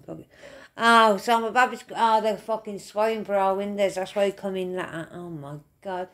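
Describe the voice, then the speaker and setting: A woman giving a casual, rambling spiritual reading to camera, swearing often and calling the listener mate and darling. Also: mid-range voice. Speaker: tarot reader.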